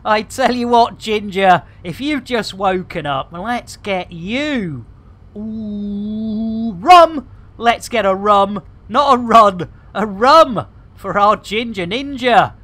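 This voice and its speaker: A man's voice: very high voice, bright, forceful tone. A middle-aged British man giving chatty, exclamatory commentary on a live game stream, full of playful catchphrases. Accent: British English. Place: home room with air conditioning.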